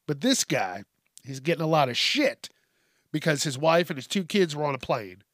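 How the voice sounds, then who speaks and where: A man's voice: on the high side, sing-song, moderate pace, a bit bright, no echo. Profane ranting man, dry close sound. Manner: profane, exasperated ranting with bursts of laughter. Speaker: podcast host. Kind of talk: ranting comedic news podcast.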